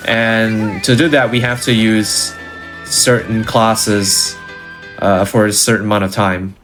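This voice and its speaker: A man's voice: fairly low pitch, level tone, slow, music in the background. A man explaining his speedrun route in an easygoing, casual way as he plays. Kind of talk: casual gameplay commentary.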